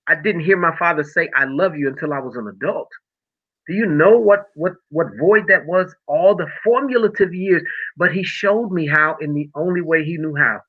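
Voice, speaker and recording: A man's voice: fairly high pitch, moderate pace. A middle-aged man telling a personal story of faith and healing in a podcast conversation, emotional and preacher-like. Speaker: podcast guest. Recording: tinny phone-like audio.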